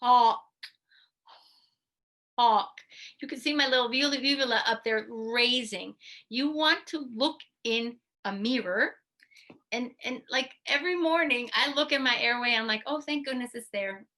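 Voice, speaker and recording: A woman physical therapist giving an instructional talk, lively and demonstrating goofy mouth sounds as she teaches. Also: on the high side, normal speed. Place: video presentation to a study club.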